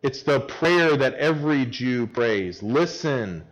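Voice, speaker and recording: A man's voice: slow pace, highs cut off. A man in his thirties preaching a sermon to kids at camp, playful and joking, rising sharply when he stresses a word. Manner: lively, climbs in pitch and loudness when stressing a word; playful and joking with a young audience. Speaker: camp speaker.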